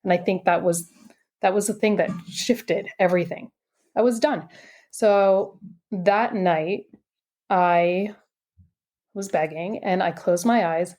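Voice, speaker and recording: A woman guest on a podcast telling a personal story in an animated, chatty way, full of "like" and "you know". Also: lowish voice, takes it slowly, pauses often. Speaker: podcast guest, intuitive coach.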